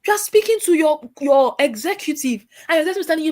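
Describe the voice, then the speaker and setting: A woman giving a workshop lecture to trainees in a lively, scolding way. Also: very high voice, racing, few pauses. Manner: lively, scolding, acts out caller voices.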